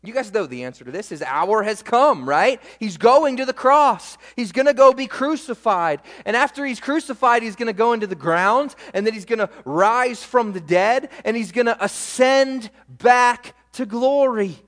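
Animated high-voiced preacher man. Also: moderate pace, hardly any pauses. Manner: animated preaching, rising and falling with emphasis. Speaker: pastor. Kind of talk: sermon. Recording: echoey hall reverb.

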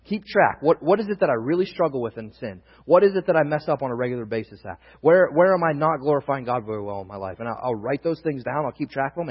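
A young male pastor preaching a sermon, earnest, swinging from loud emphasis to near-hushed confiding, recorded in a church hall. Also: medium pitch, lively intonation, fast, few pauses. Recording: dull, roomy long reverb, husky.

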